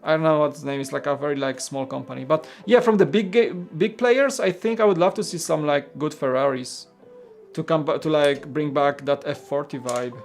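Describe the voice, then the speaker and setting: A man's voice: fairly high pitch, moderate pace, soft background music. A man from Poland, hosting a casual livestream and chatting rambly with viewers. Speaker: host.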